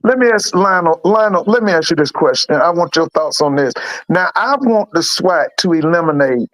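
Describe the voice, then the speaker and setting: Eager high-voiced man asking questions. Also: lively intonation, normal speed, a bit bright, dry recording, poor audio. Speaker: pastor calling in.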